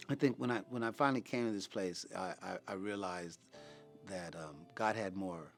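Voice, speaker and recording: A man in his fifties from California gives a personal testimony as a ministry program graduate, talking in an earnest, casual way with slang and many halting repeated words. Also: low-pitched, faint music behind. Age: 50s.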